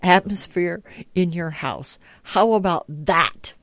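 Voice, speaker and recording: A woman's voice: fairly low pitch, slow pace, dry recording. Profane ranting woman podcast host. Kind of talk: casual chat.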